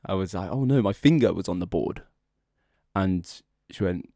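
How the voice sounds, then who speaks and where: A man's voice: low-pitched, moderate pace, dark tone, no room sound, studio quality. A young adult man, a podcast co-host, casually telling a long, rambling joke story and laughing as he goes. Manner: rambling, laughs often, drags out the setup.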